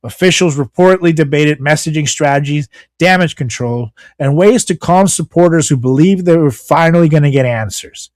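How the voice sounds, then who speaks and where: A man's voice: fairly high pitch, normal speed, few pauses, no room sound. Profane ranting podcast man. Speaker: podcast co-host. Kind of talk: casual podcast commentary.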